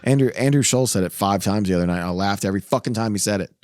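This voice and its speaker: Racing through a heated, profanity-heavy rant, this podcast co-host speaks in a lowish, slightly mellow voice. The casual studio chat is recorded dry and clean.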